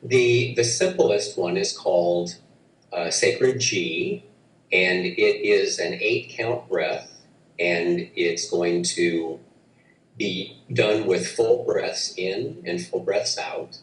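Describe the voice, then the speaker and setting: Slow, low-voiced man guiding breathwork. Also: a little hiss or hum. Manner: slow, gentle, halting with restarts. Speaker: breathwork guest teacher. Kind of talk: guided breathing instruction. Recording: roomy, distant mic, faint ambience.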